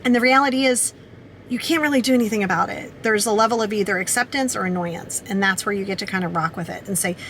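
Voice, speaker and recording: A woman's voice: medium pitch, fast, a bit bright, a little hiss or hum. A woman vlogging casually to camera, upbeat and chatty, full of "like"s. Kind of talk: casual vlog talk to camera.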